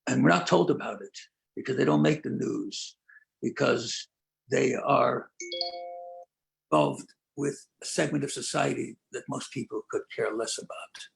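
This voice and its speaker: An older man, a rabbi, speaking in an earnest, measured way and slowing down to stress key points as he tells stories. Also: medium pitch, lively intonation, vocal fry, poor audio. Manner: earnest, measured, with deliberate slowed emphasis. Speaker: rabbi and prison-outreach leader. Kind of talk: conversational talk, storytelling.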